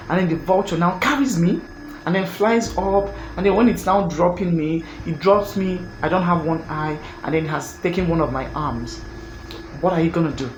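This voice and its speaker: A man voicing his excitable young girlfriend, who insists on an answer to a wild what-if question. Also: lowish voice, close to an everyday voice. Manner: insistent, pleading. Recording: echoey room, music behind.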